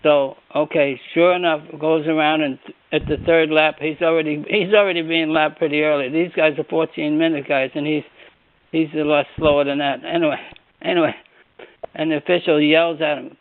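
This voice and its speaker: A man telling an anecdote in an animated way, laughing and repeating words, on a conference call. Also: fairly high pitch, normal speed, no echo. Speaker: former coach on a reunion call. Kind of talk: casual storytelling. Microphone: telephone. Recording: phone-line conference call, dry.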